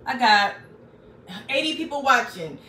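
A woman's voice: high voice, sing-song, a little slow, bright, forceful tone, recorded from a distance. A chatty woman hosts a live crafting stream from a small craft room at home, talking straight to her viewers. Her voice sounds roomy and set back from the mic, with a faint hum of background noise. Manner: chatty, talks straight to viewers, reads out comments. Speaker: crafting livestream host.

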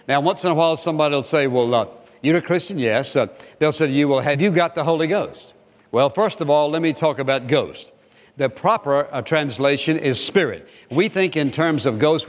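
An older pastor with a fairly high-pitched voice preaches a sermon, emphatic and repetitive, questioning his listeners directly. A long reverb tail trails his words.

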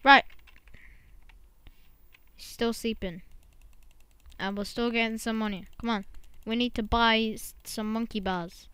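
A woman gives relaxed commentary on her game and talks straight to the monkey she is raising. Her voice is smooth and clean, and she takes her time. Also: on the high side, a little slow, long pauses, no echo. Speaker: gamer.

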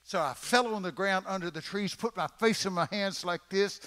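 A high-pitched, somewhat bright voice belongs to a Texan man in his eighties, preaching a folksy, dramatic sermon of stories with acted-out voices. He talks at normal speed with hardly any pauses, in a large church conference hall with long reverb.

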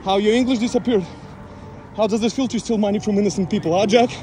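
A man with a very high voice yells taunts mid-chase. He repeats the same name over and over, panting as he runs. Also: fast, slight background noise. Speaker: scambaiter confronting a scammer. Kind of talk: shouted taunting during a chase.

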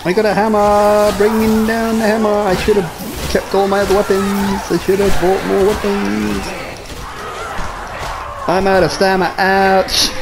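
A man playing a co-op game, excitable and swearing often. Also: sits high, normal speed, gravelly, background noise. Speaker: gamer playing co-op. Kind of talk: casual gaming chat.

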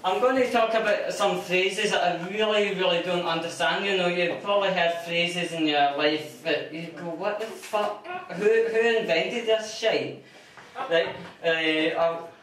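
A man's voice: a little high, a bit bright. Crude stammering Scottish man on stage. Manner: crude, rambling, stammering delivery. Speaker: stand-up comedian. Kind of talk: stand-up comedy set. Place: comedy club stage. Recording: echoey room from far off, noisy. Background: audience laughter.

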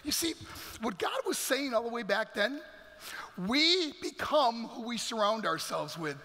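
A man's voice: very high voice, sing-song, measured pace, sharp tone. A middle-aged man from New York giving an emphatic, dramatic testimony as a guest speaker at church. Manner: dramatic, emphatic storytelling with acted quotes. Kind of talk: motivational testimony. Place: large church hall. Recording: reverberant church hall.

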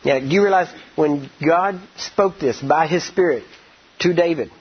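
Husky-voiced man preaching in lo-fi audio. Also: a little high, a little slow. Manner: animated storytelling, colloquial, repeats words. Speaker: ministry trainer. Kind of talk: sermon-style teaching. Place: training session room. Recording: dull lo-fi audio.

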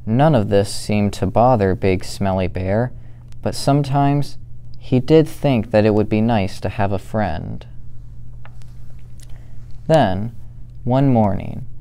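A young man reads a children's story aloud at a very slow, careful pace. His lowish voice is smooth and resonant, with a warm, mellow tone. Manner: slow, steady, gentle reading. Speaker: student volunteer reader.

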